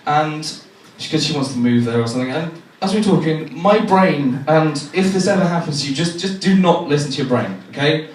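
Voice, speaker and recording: A man's voice: on the high side, fairly quick, hardly any pauses. A young man from England performing a stand-up comedy set, telling self-deprecating stories and acting out the people in them. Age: young adult. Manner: self-deprecating, animated storytelling with acted-out voices. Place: comedy venue with a laughing audience. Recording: echoey room from far off, noisy.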